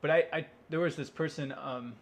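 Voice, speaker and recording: A man's voice: a little high, fairly even intonation, normal speed. A man in a casual, rambling monologue, wry and self-interrupting, who swears freely. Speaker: vlogger.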